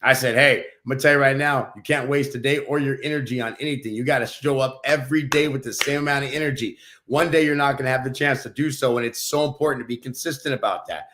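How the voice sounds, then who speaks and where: A man's voice: mid-range voice, steady tone, quick pace, fairly bright tone. A man co-hosting a podcast, telling a personal anecdote in an earnest, chatty way. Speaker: podcast co-host. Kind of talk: casual storytelling on a podcast.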